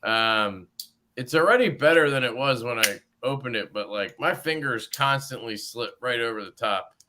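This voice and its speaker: A man's voice: medium pitch, expressive, normal speed, noisy background. A man hosting a livestream in casual chat, rambling and jokey, with some swearing. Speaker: livestream host.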